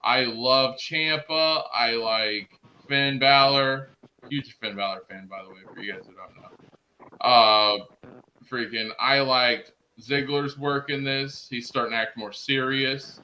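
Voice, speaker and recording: On a roughly recorded streaming setup, a man with a mid-range, sharp-toned voice talks slowly while hosting a casual wrestling recap. He chats enthusiastically with his viewers and co-host, dropping "freaking" into nearly every sentence.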